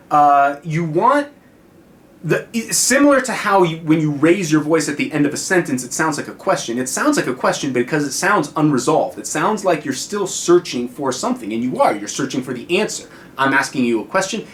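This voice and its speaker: A man's voice: a little high, big pitch swings, moderate pace. An American man giving a casual guitar lesson on video, chatty and full of fillers, often checking in with "right?". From United States. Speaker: guitar teacher.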